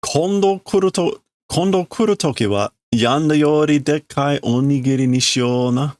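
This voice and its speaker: Brief: a man playing a comic-book dad, flustered and halting, voice lifted high. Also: darkish tone, no room sound, studio quality, lightly acted. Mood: placating. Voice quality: halting, stumbling delivery. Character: flustered apologetic dad, stumbling over words.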